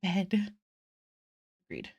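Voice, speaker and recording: A woman's voice: medium pitch, wildly swooping pitch, extremely slow, darkish tone, breathy edge, dull audio. Woman art streamer, casual and giggly, talking to chat at her desk mic. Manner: chatty, giggly, reads chat aloud.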